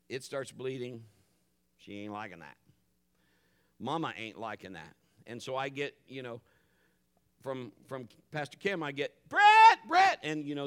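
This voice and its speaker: A middle-aged male pastor preaches with a lively voice that climbs and falls across a wide pitch range. He acts out his family's voices and drops to a hushed tone for calm moments. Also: clear, resonant tone. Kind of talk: sermon.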